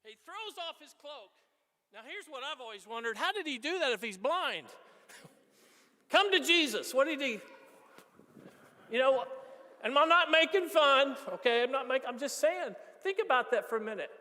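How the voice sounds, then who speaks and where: High-voiced priest preaching in church. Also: male voice, moderate pace. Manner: animated, conversational preaching with asides. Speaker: Catholic priest. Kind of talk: homily. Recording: echoey church reverb.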